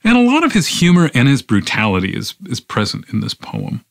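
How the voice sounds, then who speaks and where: A man reading a poem aloud on a podcast, then reflecting on it in a measured, unhurried way with thoughtful pauses. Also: mid-range voice, wildly swooping pitch, vocal fry, dry recording, clean studio sound. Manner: measured and unhurried, with pauses and fillers when speaking freely. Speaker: podcast poetry reader. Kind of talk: slow poetry reading and reflective commentary.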